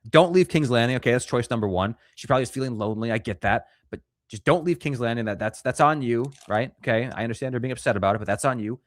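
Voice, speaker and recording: A man co-hosting a casual livestream review, animated and swearing casually, acting out scenes in mocking voices. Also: medium pitch, quick pace, few pauses, no room sound. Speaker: podcast co-host.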